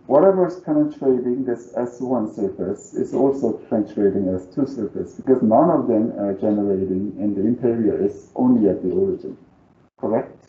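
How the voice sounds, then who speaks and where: A math teacher with a non-native English accent gives a live calculus lecture, thinking aloud as he works and coaxing students to agree. His voice is on the low side with a dark tone, and the recording sounds roomy, dull and lo-fi.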